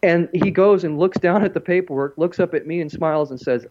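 A man's voice: a little high, fairly quick, hardly any pauses, muffled recording. A man talking casually on a podcast, blunt and profane, telling stories with quotes he acts out.

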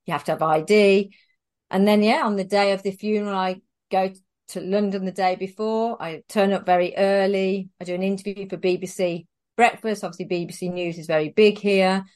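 A woman guest in an interview, telling a story in a chatty, animated way and laughing often. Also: mid-range voice, fairly quick.

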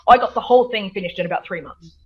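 An Australian woman talks as a guest on a radio program, rambling a little with fillers and restarts and often breaking into laughter. Her voice sits at a middling pitch, and the recording has a slightly dull, muffled quality. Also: quick pace, husky. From South Australia. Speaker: guest author. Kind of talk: radio interview.

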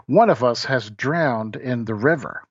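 A man's voice: mid-range voice, animated, measured pace, husky. A frightened boy who has lost one of his group, his questions tumbling out anxious and pleading, as a man acts him out. The sound is muffled and lo-fi, with no room echo. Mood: distraught. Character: panicked young boy leading a group.

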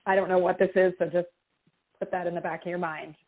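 A woman giving intuitive readings to callers on a call-in show, expressive and reassuring, with feeling in her voice. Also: on the low side, quick pace. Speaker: intuitive reader answering callers. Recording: tinny phone-line sound.

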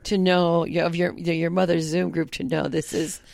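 A woman's voice: fairly low pitch, flat delivery, normal speed, gravelly, a little mellow, no echo. A woman co-hosting a casual podcast chat, backing her partner up with short agreements and telling her own stories. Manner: supportive, chiming in with short agreements. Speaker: podcast co-host.

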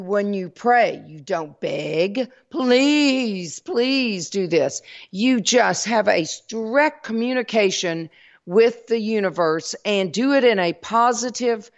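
Southern woman host, folksy spiritual talk, gravelly voice, dull lo-fi recording. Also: mid-range voice. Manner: folksy, addresses listeners as y'all.

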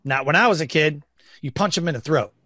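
A blunt, emphatic middle-aged man from Detroit talks in a casual conversation and acts out the people he quotes. His voice sits a little high and swings widely in pitch. The recording is dry and close. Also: lively intonation, brisk, pushed and bright, no room sound. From Detroit, Michigan. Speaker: podcast guest.

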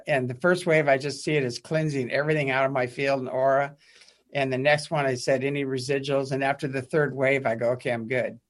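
Radio host guy, middle pitch, rambly and earnest, keeps trailing off. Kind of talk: casual radio chat.

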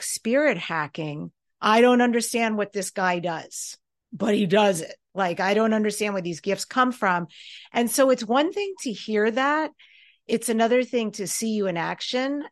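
A woman hosting an interview, chatting in an enthusiastic, effusive way. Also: medium pitch. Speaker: host. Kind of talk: casual interview chat.

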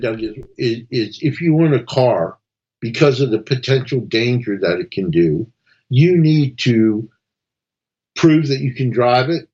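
A man's voice: medium pitch, darkish tone, dull audio. A man hosting a talk radio show, chatting casually and telling a story, repeating words as he goes.

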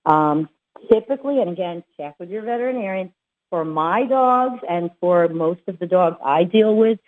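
A woman's voice: on the low side, lively intonation, normal speed. A woman dog trainer giving casual advice, chatty and full of fillers and restarts. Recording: tinny phone-like sound.

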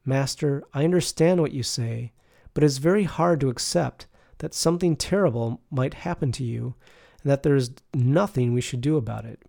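A man's voice: medium pitch, moderate pace, creaky, mellow, close to an everyday voice. A man voicing an anguished, loyal male disciple who pleads in an earnest, strained way. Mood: pleading.

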